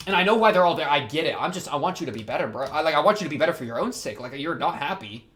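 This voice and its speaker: A man's voice: on the high side, racing, slight background noise. Young guy doing anime reaction commentary, rambly and slangy, voice bouncing all over the place. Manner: rambling, slangy, excitable outbursts.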